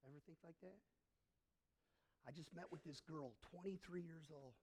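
A male pastor preaching a sermon, often asking the congregation questions and swinging between hushed and emphatic delivery. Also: a little high, moderate pace, breathy edge.

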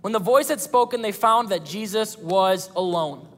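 A man preaching a sermon as pastor of a church, animated, acting out quoted voices. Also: high-pitched, moderate pace, big-room sound.

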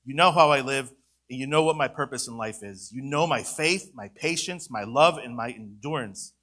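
A man's voice: mid-range voice, moderate pace, bright, forceful tone. A man preaching a sermon in church, emphatic, with many rhetorical questions. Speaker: pastor.

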